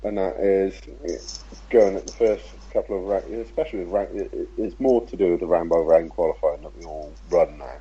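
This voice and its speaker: A man, a podcast guest talking casually about racing in a measured, laid-back way with frequent fillers. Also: low voice, steady tone, warm tone, slightly rough, lo-fi sound. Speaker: podcast guest, RC car racer.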